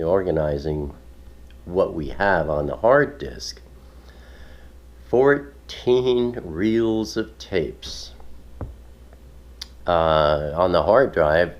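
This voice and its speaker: A man's voice: deep voice, darkish tone, highs cut off. A man hosting his own video, chatting casually and rambling with chuckles and many fillers. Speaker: ministry video host. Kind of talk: casual home video chat.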